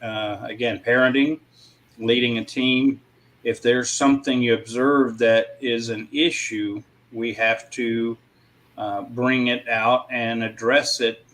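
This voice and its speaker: A man in a casual panel discussion, speaking in a reflective way with frequent pauses. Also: mid-range voice, steady tone, a bit bright, rough recording.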